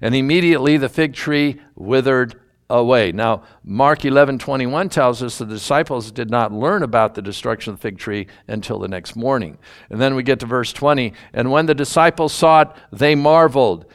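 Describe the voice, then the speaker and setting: Man teaching the Bible, smooth voice. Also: medium pitch, moderate pace. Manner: conversational, musing, admits doubts with a laugh.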